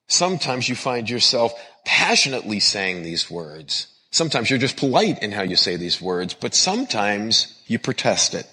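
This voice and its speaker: A pastor and counselor preaches a sermon with an earnest, repetitive cadence, drawing on his counseling work. His medium-pitched voice is bright and forceful with a husky edge, ringing through the long reverb of a large hall.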